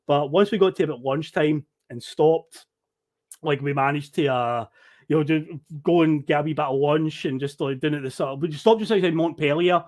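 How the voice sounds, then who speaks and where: A man with a Scottish accent telling an animated, swear-laden story as a podcast guest on an online call. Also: fairly high pitch, normal speed. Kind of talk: casual storytelling.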